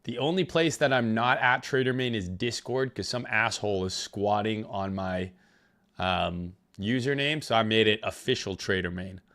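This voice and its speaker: A man's voice: fairly low pitch, moderate pace, a bit bright. A man hosting a crypto trading livestream, chatting loosely with profanity and greeting viewers from the chat. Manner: loose, profane, reads chat names aloud. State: recovering from illness.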